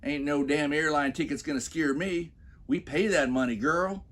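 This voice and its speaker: A man's voice: fairly high pitch, steady tone, moderate pace, a bit bright. A man doing a mocking impression of a boastful, swaggering rich husband.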